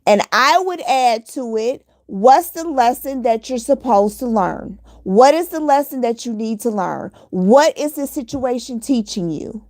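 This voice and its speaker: A woman with a fairly high voice delivers a motivational monologue straight to her listeners. She speaks earnestly and hammers her points home by repeating them. The sound is dry and close, with no room echo. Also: animated, a little slow, hardly any pauses, darkish tone. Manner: earnest, repetitive, preachy exhortation. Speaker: motivational vlogger.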